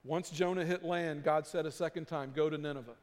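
A man's voice: fairly high pitch, steady tone, fairly quick. Preaching man in a reverberant hall. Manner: preaching with swells from hushed to emphatic. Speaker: pastor. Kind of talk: sermon.

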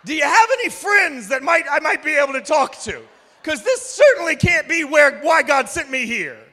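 A preacher playing a flustered prophet. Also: male voice, very high voice, big pitch swings, moderate pace, pushed and bright, pitched above the performer's own voice, heavily acted. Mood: pleading. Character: exasperated prophet, a man pleading.

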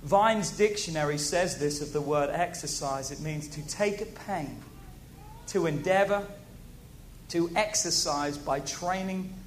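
A man preaching a sermon to a congregation, animated, repeating key phrases and asking the audience questions. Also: fairly high pitch, slight background noise.

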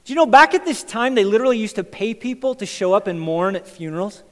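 A male pastor preaching a sermon to a congregation. He moves from loud, emphatic lines to quiet, intense ones. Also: high voice, expressive, quick pace. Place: church sanctuary. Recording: church hall with long reverb.

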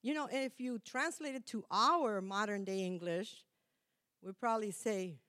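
A middle-aged woman gives a sermon in an easy, conversational way. She corrects herself mid-sentence and laughs at her own slips. Her voice sits at a medium pitch. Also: measured pace, bright, forceful tone. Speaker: preacher.

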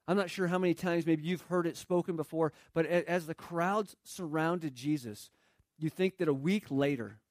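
A man's voice: on the high side, darkish tone, no echo, clean studio sound. A man preaching a sermon, earnest, quoting scripture and building in intensity. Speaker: pastor.

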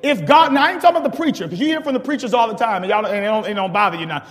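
A man's voice: high-pitched, lively intonation, very fast, a bit bright, big-room sound. A man co-preaching a dialogue sermon, emphatic and repetitive as he drives home warnings to the congregation.

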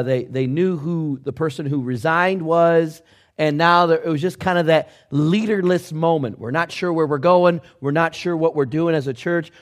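Man preaching a dramatic story sermon. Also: a little high. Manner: dramatic, swinging from hushed to loud; conversational with fillers. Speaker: pastor.

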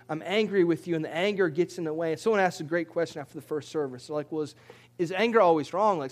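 A man preaching a sermon as pastor, in a conversational way that often repeats words and rises when he presses a point. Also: a little high.

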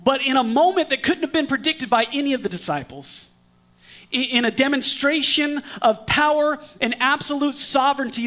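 A man preaching a storytelling sermon in a conversational way, with dramatic swings from lively to hushed. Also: very high voice, moderate pace. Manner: conversational with restarts.

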